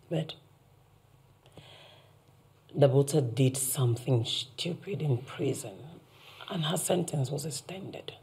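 An actress with a Nigerian accent plays a middle-aged mother calmly confessing a scheme, unrepentant, in a TV drama. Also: low voice, exaggerated voice. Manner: measured, unrepentant. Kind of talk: TV drama acting.

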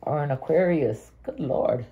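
A woman's voice: deep voice, expressive, a little slow, phone-quality sound. A woman with a Guyanese accent giving an earnest, heartfelt tarot card reading, thinking aloud and restarting her sentences. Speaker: tarot reader.

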